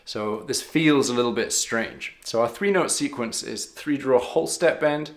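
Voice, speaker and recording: A man's voice: mid-range voice, normal speed, reverberant. A man teaching harmonica in a patient, step-by-step way, counting beats aloud. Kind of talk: step-by-step music lesson.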